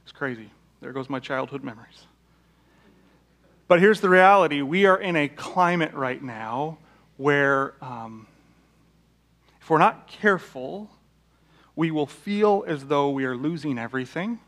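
A man's voice: on the high side, lively intonation, a little slow, long pauses, fairly bright tone. A man preaching a sermon, telling illustrative stories in a conversational way, with fillers and restarts. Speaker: pastor. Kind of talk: sermon with storytelling.

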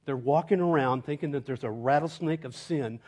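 Here a middle-aged man, a pastor, gives a sermon that shifts from rousing, emphatic proclamation to soft storytelling laced with chuckles. His pitch leans high and his pace runs a little fast.

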